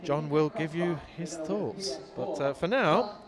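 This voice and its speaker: A man giving live football commentary outdoors, excitable, his voice leaping up when goals go in. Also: a little high, slow. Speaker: match commentator. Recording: crowd noise behind.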